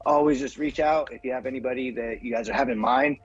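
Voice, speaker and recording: A man's voice: mid-range voice, steady tone, quick pace, muffled recording, soft background music. A man co-hosting a casual chat, talking hesitantly with many fillers and laughing often. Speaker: co-host.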